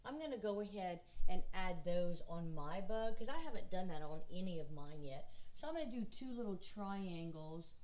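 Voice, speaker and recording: A woman's voice: fairly low pitch, expressive, a little mellow. Patient Southern woman teaching kindergartners. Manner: patient, encouraging, speaks slowly to small children. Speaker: art teacher. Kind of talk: kindergarten drawing lesson.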